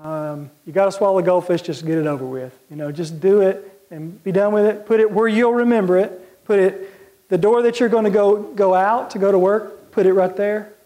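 Plain-spoken man with a high voice. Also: steady tone, normal speed, warm tone. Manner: clears his throat now and then. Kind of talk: practical advice talk.

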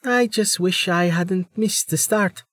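Man putting on a raised young woman's voice, teasing, quiet, playful healer, dry sound. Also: high-pitched, slow, dry recording, pitched above the performer's own voice, full character voice.

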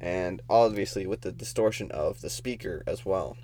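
A man's voice: sits low, normal speed, mellow, slight background noise. A young man co-hosting a casual podcast, telling a rambling story and laughing as he goes. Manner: rambling, laughs often, loses his thread. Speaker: podcast co-host.

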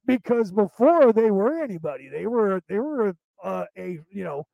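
Man, American accent mixing Southern drawl and Boston, high voice, quick rambling podcast talk, dry close sound. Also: lively intonation, creaky, no echo, phone-quality sound. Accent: American with Southern drawl and Boston touches. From central California. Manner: fast-talking, rambling with many fillers. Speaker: podcast host.

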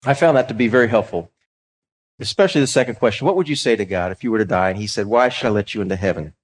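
A man's voice: fairly low pitch, rapid-fire. Earnest middle-aged man teaching ministry. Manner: earnest, conversational, with fillers and restarts. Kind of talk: teaching talk on evangelism.

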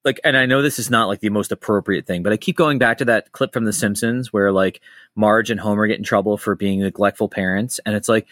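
A man's voice: on the low side, fairly quick, no echo, studio quality. A middle-aged man hosting a podcast, telling stories in casual chat and acting out the quotes he tells. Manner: animated storyteller, acts out quotes. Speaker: podcast host.

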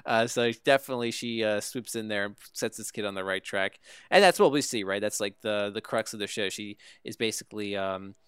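Smooth-voiced man hosting a casual TV recap. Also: lowish voice, brisk, few pauses, a bit bright, no echo, clean studio sound. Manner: conversational, often seeks agreement with "right?". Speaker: podcast host recapping a TV show. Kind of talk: casual review chat.

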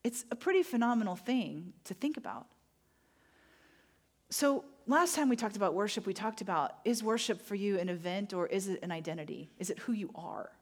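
A woman's voice: medium pitch, animated, fairly quick. A middle-aged woman pastor preaching a sermon, telling personal stories in a candid, self-deprecating way with playful asides.

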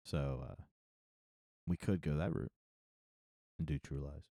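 Low-voiced philly-area guy, laid back, dry close mic. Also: fairly even intonation, measured pace, warm tone, no room sound. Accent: Philadelphia area. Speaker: podcast co-host. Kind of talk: casual chat.

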